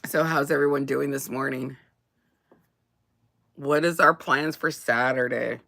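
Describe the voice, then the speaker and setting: A woman's voice: a bass voice, steady tone, unhurried, gravelly, a bit bright. A woman chatting casually as a co-host, rambling with many restarts and laughs. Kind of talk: casual chat.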